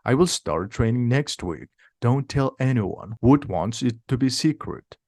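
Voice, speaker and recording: A brave young schoolboy wizard who speaks coolly and with determination, as a man reads him aloud. The voice is the reader's own, at a middle pitch and dry. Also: lively intonation, a little slow, a little mellow, dry recording. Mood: determined. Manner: cool, determined.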